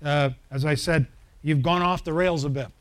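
High-voiced preaching pastor. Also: male voice, fairly even intonation, moderate pace. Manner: preaching with emphatic swells and questions to the congregation. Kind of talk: sermon.

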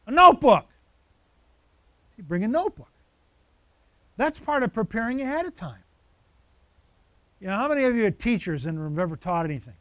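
A male pastor preaching a conversational sermon, lively and animated, with frequent asides to the congregation. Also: high voice, moderate pace, pauses often, dry recording.

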